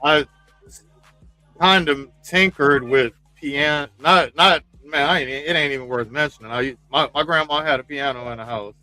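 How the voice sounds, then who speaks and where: Brief: man with a bright, forceful tone, rambling swearing co-host, dry sound, faint music. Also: a little high, normal speed, no echo, rough recording. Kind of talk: casual livestream chat.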